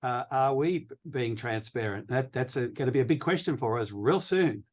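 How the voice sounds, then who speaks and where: A man's voice: medium pitch, moderate pace. Reflective male panelist. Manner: reflective, poses rhetorical questions. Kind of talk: panel discussion.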